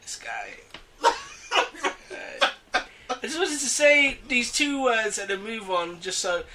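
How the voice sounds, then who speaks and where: A man co-hosting a podcast, bantering casually, defensive and quick to laugh. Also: sits high, lively intonation, heavy background noise. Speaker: podcast co-host.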